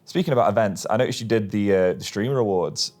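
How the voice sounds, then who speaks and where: A British man hosting an interview, relaxed, leading questions and laughing along. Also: fairly low pitch, fast. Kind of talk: casual interview chat.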